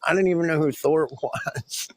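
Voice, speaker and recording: A man's voice: on the high side, moderate pace, no echo. A man calling into a live stream, stammering, swearing and rambling in an agitated way as he tells his story.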